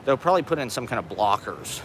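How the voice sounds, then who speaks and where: Live streaming from a city street through a phone on a selfie stick, this stoned man talks fast in a mid-range voice with big pitch swings. He rambles, swears and keeps laughing over the sound of busy traffic.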